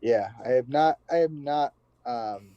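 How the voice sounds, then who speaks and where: A man's voice: mid-range voice, a little slow, dark tone, dry recording, dull audio. A young man co-hosting a casual sports chat, blunt and opinionated, casually swearing. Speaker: podcast co-host.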